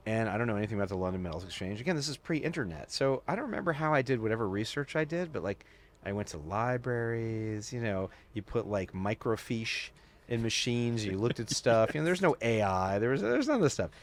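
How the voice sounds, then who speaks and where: A man with a fairly low, fairly quick voice sits in as a podcast guest. His relaxed chat becomes long, animated stories, thick with "like" fillers and with quoted voices.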